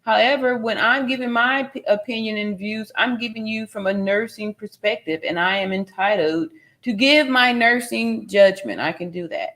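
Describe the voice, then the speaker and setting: This woman, a nurse from California, hosts a relaxed livestream where she reads the chat aloud, laughing frequently. She speaks in a mid-range voice with a fairly bright tone.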